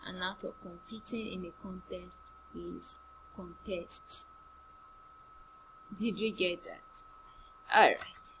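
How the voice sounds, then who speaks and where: A woman teaching an online primary English class, repeating each word slowly and giving example sentences. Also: fairly low pitch, steady tone, noisy background. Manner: slow, drilling words by repetition with example sentences.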